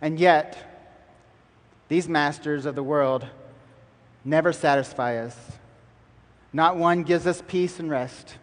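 A man's voice: fairly high pitch, a little slow, pauses often, in a large hall. A man preaching a sermon as pastor, emphatic and building through repeated lines.

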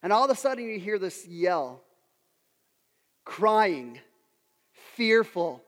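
A man in his thirties delivers a sermon through self-deprecating family stories, often turning questions to his listeners. His voice sits unusually high for a man. A long hall reverb trails behind each phrase. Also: huge pitch swings, takes it slowly, long pauses. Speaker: pastor.

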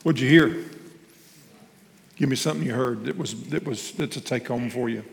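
An older man, a pastor, leads an interactive discussion with his congregation in a loud, lively way. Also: mid-range voice, moderate pace, creaky. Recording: hall reverb with faint room ambience.

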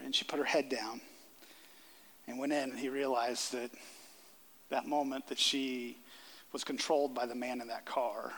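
Earnest pastor preaching in a reverberant hall. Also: male voice, on the high side, a bit bright. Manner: earnest, repeats phrases for emphasis. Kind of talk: sermon. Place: church sanctuary before a congregation.

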